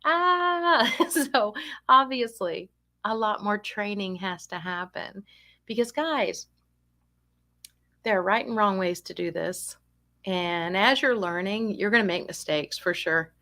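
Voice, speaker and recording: A woman's voice: mid-range voice, measured pace, sharp tone. Chatty woman teaching caregivers. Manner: chatty storytelling, frequent rhetorical questions. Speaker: dementia care educator. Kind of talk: online talk for family caregivers.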